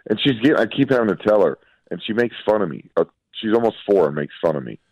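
A man chatting casually as a podcast co-host, telling animated stories about his young daughter. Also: lowish voice, quick pace, no room sound, lo-fi sound. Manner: animated storytelling, mimics his toddler's voice. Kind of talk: casual chat.

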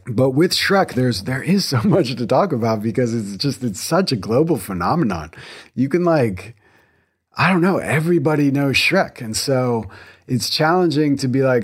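A man's voice: mid-range voice, lively intonation, normal speed, slightly rough. A man in his thirties hosting a solo podcast from his home garage, talking casually, eagerly and with lots of restarts. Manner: enthusiastic, rambling, self-interrupting. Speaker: podcast host.

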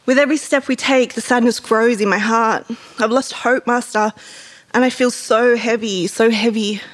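A woman's voice: fairly high pitch, steady tone, normal speed, natural voice, rough recording. A woman reading aloud as a gloomy male talking horse, in a weary, hopeless, heavy-hearted way. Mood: despairing.

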